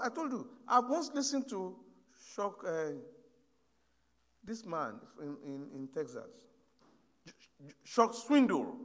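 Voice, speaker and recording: Preacher, high lively voice. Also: male voice, big-room sound. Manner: storytelling, swings from hushed to loud exhortation. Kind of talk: sermon.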